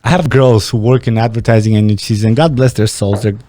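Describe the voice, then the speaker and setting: A man's voice: fairly low pitch, fairly quick, mellow. A man from Romania, hosting a podcast in casual, rambling, profane chat. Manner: profane, rambling, blunt storytelling. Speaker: podcast host. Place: small podcast studio.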